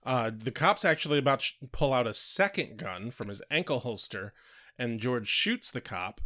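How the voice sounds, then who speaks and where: A man speaks bluntly in casual podcast chat, swearing freely as he makes his points. His voice is of middle pitch for a man. The recording is dry, with no room sound. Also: lively intonation, moderate pace, sharp tone, no echo. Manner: blunt, profane ranting. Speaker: podcast co-host.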